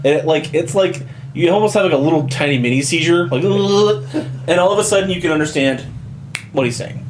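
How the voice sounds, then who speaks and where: A man's voice: on the high side, a little fast, a little hiss or hum, poor audio. A man running a tabletop game as game master, narrating loosely with lots of fillers and laughs.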